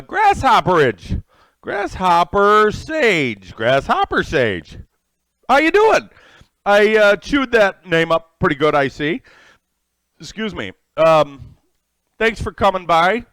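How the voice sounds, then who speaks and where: A man's voice: fairly high pitch, a bit bright, no echo. A middle-aged man hosting a live cooking stream from his home kitchen, eating as he talks and greeting viewers by name. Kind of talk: casual live-stream chat while eating.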